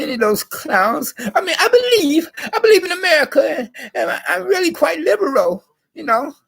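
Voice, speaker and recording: A man doing a high husky rambling whiner. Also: fairly bright tone, exaggerated voice. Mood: rambling defensive. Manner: stammering repetitions and drawn-out pleading. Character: rambling, tearful, self-pitying young man. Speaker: vlogger. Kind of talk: satirical impression monologue.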